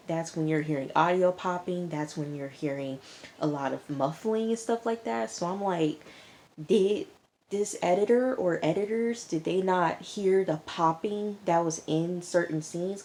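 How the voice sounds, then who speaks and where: Low-voiced woman recapping a tv episode, chatty, talks back at the characters. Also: darkish tone, slight background noise. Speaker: TV episode reviewer.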